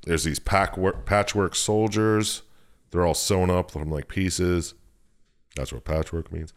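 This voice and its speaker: A man's voice: low-pitched, takes it slowly. A young man casually recapping a video game plot, swearing freely and acting out the characters as he goes. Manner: animated storytelling, swears freely, acts out characters. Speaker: podcast co-host.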